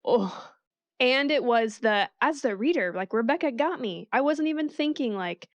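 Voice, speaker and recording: A woman's voice: a little high, animated, brisk, clear, resonant tone, dry recording. A woman co-hosting a podcast, chatting casually and thinking aloud in a reflective way. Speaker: podcast co-host. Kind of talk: casual book discussion.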